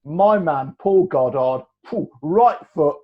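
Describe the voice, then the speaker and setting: A man, telling stories as a guest in a casual chat, animated and rambling, laughing often. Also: on the high side, slow pace. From England. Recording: dull lo-fi recording.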